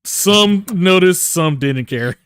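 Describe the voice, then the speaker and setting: Guy narrating tabletop, smooth slightly high voice, rambles with lots of uh, dry sound. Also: expressive, slow pace, fairly bright tone, no echo. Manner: rambling narration full of fillers. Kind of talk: playing a tabletop game live.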